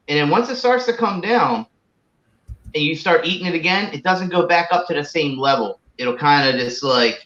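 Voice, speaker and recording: A man with a fairly high voice talks loosely on a livestream, piling on fillers as he goes. The sound is roomy and echoey, and it comes through thin and lo-fi, as if over a remote call. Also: a bit bright. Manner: rambling, full of "like" and "uh". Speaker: guest tasting hot snacks. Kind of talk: casual livestream chat.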